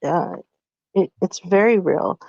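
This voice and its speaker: A woman's voice: on the low side, slow, vocal fry, a little mellow, dry recording, lo-fi sound. A woman co-hosting a casual live podcast, chatty and playful, leaning on lots of "like" fillers. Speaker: podcast co-host. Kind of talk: casual live-stream chat.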